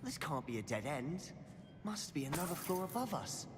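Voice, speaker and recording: An actor playing a curious young male wizard student, speaking quietly and thoughtfully in game dialogue. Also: on the high side, big pitch swings, normal speed, loud music behind the voice. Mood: musing. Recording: long reverb, clear background noise.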